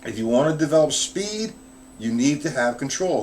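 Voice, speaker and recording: A man teaching drums on a live stream, with a voice of ordinary middle pitch. He breaks each move down slowly and counts the beats out loud. Faint noise and clicks sit under the recording. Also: sing-song. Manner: explains step by step, counting beats aloud; answers viewers' chat comments directly. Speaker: drum teacher. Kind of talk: live-stream drum lesson.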